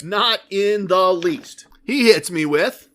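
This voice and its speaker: A man hosting a podcast, telling a story in a casual, animated and emphatic way. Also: sits high, takes it slowly. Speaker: podcast host.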